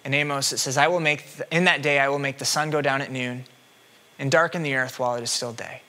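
A man preaching a sermon as a minister, moving from hushed reflection to loud, pleading questions. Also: mid-range voice, steady tone, fast talker.

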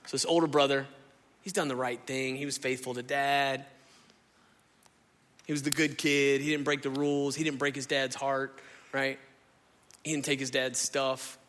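Animated preacher in a reverberant hall. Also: male voice, medium pitch, moderate pace, pauses often. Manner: animated, conversational, acts out the people he describes. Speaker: pastor. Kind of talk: sermon. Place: church sanctuary.

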